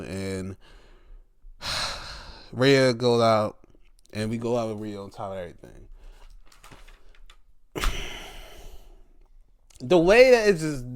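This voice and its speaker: A man hosting a podcast, casually recapping wrestling matches with lots of sighs and swearing. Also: medium pitch. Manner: animated, swearing, frequent sighs. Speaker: podcast host.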